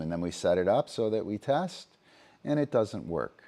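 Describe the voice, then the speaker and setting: A man with a very deep, low voice talks through his dog-training methods on a livestream. He speaks off the cuff, stopping often to say "um" and to check in with "right?". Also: big pitch swings, moderate pace, dark tone.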